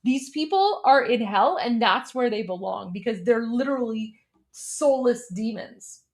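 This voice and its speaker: A woman's voice: a little high, lively intonation, a little slow. A young adult woman from Iran, hosting a live stream and reacting to a hearing with heated, scornful commentary, often repeating herself for emphasis.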